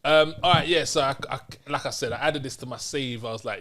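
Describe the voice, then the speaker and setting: A man hosting a film review podcast in relaxed, rambling casual chat. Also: medium pitch, a little fast. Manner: relaxed, rambling, many restarts. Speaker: podcast host.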